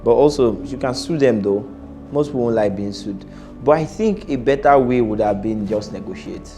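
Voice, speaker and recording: A man's voice: mid-range voice, moderate pace, mellow, soft background music. A man giving casual, blunt reaction-video commentary as an employer, laughing often and repeating himself.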